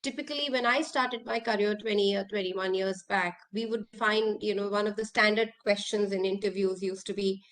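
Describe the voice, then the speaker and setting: A woman's voice: mid-range voice, fairly even intonation, normal speed, hardly any pauses, a bit bright. A woman, an executive coach giving an online workshop talk, earnest and full of questions to her listeners.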